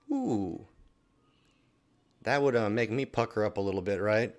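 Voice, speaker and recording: Man chatting through scripture, low voice. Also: big pitch swings, moderate pace. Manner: conversational, often adds a questioning "right?". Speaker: Bible reading plan host. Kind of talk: casual scripture commentary.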